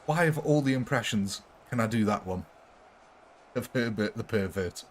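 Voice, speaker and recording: A man's voice: lowish voice, expressive, normal speed, slight background noise. A young man streaming a strategy game live, chatting jokily with his viewers. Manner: jokey, chatty, giggly. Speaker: gaming livestreamer. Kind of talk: live game commentary with chat.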